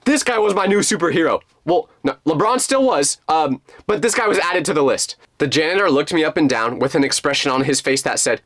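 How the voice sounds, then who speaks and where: A young man in his twenties narrating a comedic personal story in a lively, jokey, dramatic way. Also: on the high side, quick pace, dry recording. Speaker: storytime channel host.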